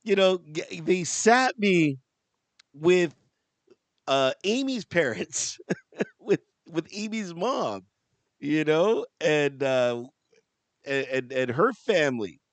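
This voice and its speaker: A man with a fairly high voice that swings up and down a lot, chatting on a podcast. He tells a long, rambling story and laughs often, with a casual swear here and there. The sound is close and dry. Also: animated, slow pace, long pauses, no room sound. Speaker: podcast co-host. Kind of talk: casual chat.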